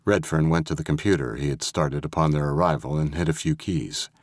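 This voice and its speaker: Very deep-voiced male narrator. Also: brisk, no echo. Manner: steady, even storytelling. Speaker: audiobook narrator. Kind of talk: scripted narration. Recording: dry close studio audio.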